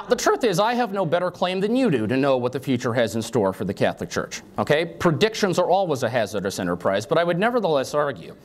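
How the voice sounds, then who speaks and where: A man in his forties lecturing at a university, telling stories in an easy, conversational way. His pitch moves a lot, rising and falling through each sentence, from a mid-range voice. He keeps checking in with the audience. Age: 40s. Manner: conversational, frequent "okay?" check-ins. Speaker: guest lecturer. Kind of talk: storytelling lecture.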